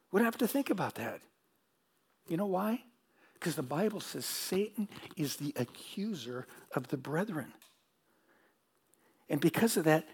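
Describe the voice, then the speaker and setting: A man's voice: high-pitched, husky. A middle-aged man pastor preaching a sermon, telling stories and asking the audience questions, with repeated phrases.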